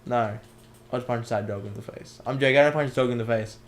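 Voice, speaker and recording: A teenage boy, chatting and joking on a casual podcast. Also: fast talker. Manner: joking, jumpy pitch. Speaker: podcast host. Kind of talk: casual chat.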